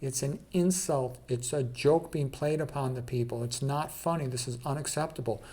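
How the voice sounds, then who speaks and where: A man's voice: medium pitch, moderate pace, warm tone. A man walks through a slideshow of paintings in a loose, conversational way. He speaks bluntly and with emphasis, often saying "okay" and "you know" as he moves on. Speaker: presenter of an art slideshow. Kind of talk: casual commentary on a slideshow.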